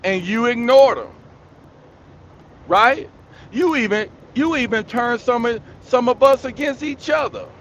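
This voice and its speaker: This commentary channel host has a very high, fairly bright voice with lively intonation and a measured pace; the recording cuts off the highs and has slight background noise. He rants at his audience directly in a preachy, scolding monologue, hammering his points through repetition.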